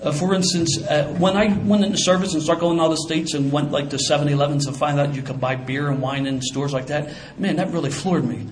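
An older man tells his story fast, in a casual, streetwise way. His voice sits a little high for a man. Faint room sound runs underneath. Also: steady tone, slight background noise. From Philadelphia. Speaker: former police officer. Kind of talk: personal storytelling.

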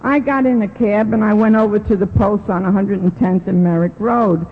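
A middle-aged woman gives an animated personal testimony at a recovery meeting, acting out the voices she quotes. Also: medium pitch, moderate pace, husky. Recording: lo-fi recording in a reverberant hall.

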